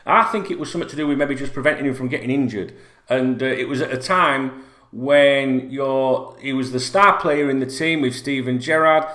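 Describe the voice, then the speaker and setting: A man's voice: medium pitch, normal speed, pushed and bright. Man, middle-aged, football fan host, blunt, sweary, rambling, echoey room. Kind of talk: casual rant to camera. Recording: roomy echo.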